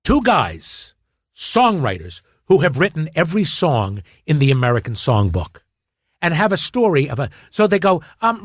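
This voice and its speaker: Here a guest with a fairly high, slightly rough voice recounts anecdotes at a moderate pace during a laid-back interview. Acting them out energetically, he stammers and restarts often. The audio is dry with clean studio sound.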